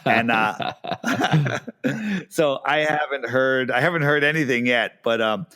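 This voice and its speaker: A man's voice: mid-range voice, moderate pace, sharp tone, clear, resonant tone. Enthusiastic middle-aged man telling stories. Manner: enthusiastic storyteller, acts out quoted dialogue; frequent fillers and restarts. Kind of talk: casual conversation.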